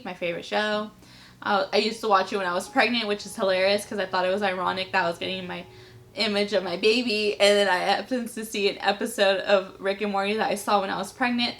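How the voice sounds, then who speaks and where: Her voice is mid-range and a bit bright as this young adult vlogger recounts something personal on camera. The delivery is relaxed and talkative, with "like" dropped in again and again.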